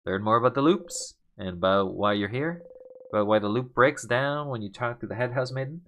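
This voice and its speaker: A man's voice: mid-range voice, a little fast, fairly bright tone, slight background noise. A young man hosting a casual let's play, reading the game's text aloud with big dramatic swings and muttering asides.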